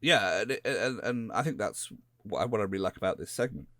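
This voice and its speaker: West country guy co-hosting a podcast, lowish voice, dry close mic, kinda rambly. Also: lively intonation, brisk, pushed and bright, no room sound. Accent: West Country English. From England. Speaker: podcast co-host. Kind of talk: casual chat.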